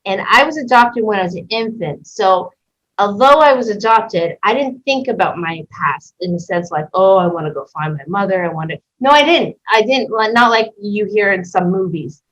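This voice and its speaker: A woman from Canada tells a story in a relaxed interview, lively and blunt, slipping into the voices of people she quotes. Her voice sits at a middle pitch. The sound is dull and lo-fi. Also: normal speed. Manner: animated, acts out voices in quotes, swears freely. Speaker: interview guest. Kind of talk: casual storytelling.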